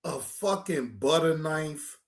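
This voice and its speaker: High, slow, bright-voiced male reactor. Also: lively intonation, gravelly. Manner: exclamatory, profane, stammering restarts. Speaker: reaction show host. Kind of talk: casual reaction commentary.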